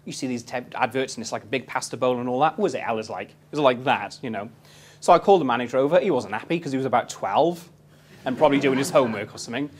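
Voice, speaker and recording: A man's voice: mid-range voice, fast, a little hiss or hum. A man in his thirties giving a live property investment seminar, telling stories cheekily and quizzing his audience.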